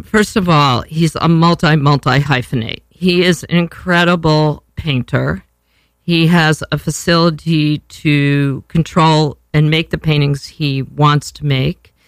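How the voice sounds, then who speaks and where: A woman's voice: deep voice, no room sound. An older woman hosting a chat show, casual and rambling, cursing freely and poking fun at herself. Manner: rambling, profane, self-deprecating. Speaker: podcast host.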